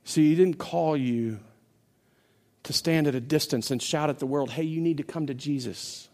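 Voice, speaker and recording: A man preaching a sermon as pastor, building to loud, impassioned stretches and often repeating words as he restarts. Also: on the high side, normal speed. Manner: impassioned preaching that builds to near-shouting climaxes.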